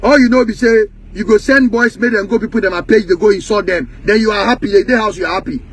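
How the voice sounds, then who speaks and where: Speaking fast in a high-pitched voice with a breathy edge, this man from Ghana rants heatedly and mockingly in Ghanaian Pidgin English, at times breaking into sing-song taunts. He comments on the music industry.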